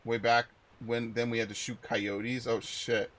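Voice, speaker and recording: A man's voice: medium pitch, measured pace. Profane, rambling young male game streamer. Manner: rambling, profane, animated storytelling with sudden loud outbursts. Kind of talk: casual live-stream chat while playing.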